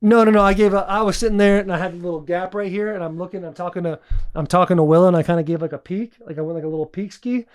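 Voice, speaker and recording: A man's voice: sits high, fairly even intonation, rapid-fire, clean tone. A man in his thirties co-hosting a podcast, telling stories in a loose, rambling way that is full of "like" and frequent laughter. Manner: rambling storyteller, heavy use of "like", laughs often. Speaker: podcast co-host. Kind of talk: casual chat.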